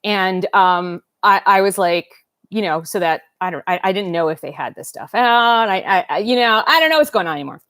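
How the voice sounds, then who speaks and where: A woman in her 50s hosts a doll-collecting livestream, rambling casually, reading comments aloud and talking as she eats. Her mid-range voice has lively intonation and a fairly bright tone at a normal speed. The recording is studio quality with no room sound.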